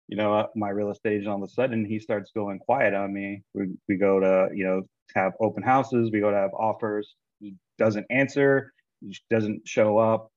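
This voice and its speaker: A man casually telling a long personal story, animated and acting out what others said. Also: fairly low pitch, dry recording, highs cut off. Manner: animated, quotes people in his own voice.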